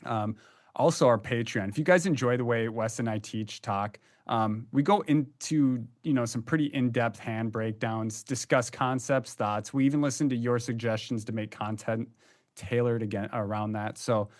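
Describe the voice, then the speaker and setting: A man's voice: medium pitch, normal speed. A young man chatting as a podcast co-host, with a mid-range voice. He talks loosely, full of fillers and restarts. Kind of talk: casual podcast chat.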